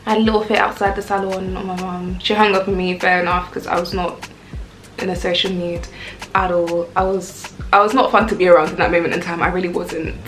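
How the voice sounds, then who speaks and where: A young woman, telling a casual storytime rant in a chatty, animated way. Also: lowish voice, a little fast. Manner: chatty, animated, lots of "like" and "I was like". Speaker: vlogger. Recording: echoey room with faint music.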